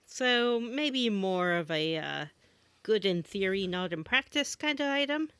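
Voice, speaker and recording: A woman's voice: medium pitch, expressive, unhurried, fairly bright tone, clear, resonant tone, no echo. A woman co-hosting a casual podcast, recapping the plot of a game in a playful way. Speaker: podcast co-host.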